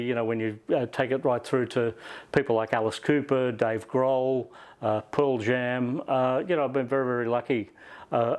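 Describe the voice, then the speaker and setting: A man's voice: medium pitch, a little mellow. A middle-aged Australian man answering interview questions reflectively, with many "uh" and "you know" fillers. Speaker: interview guest, music journalist.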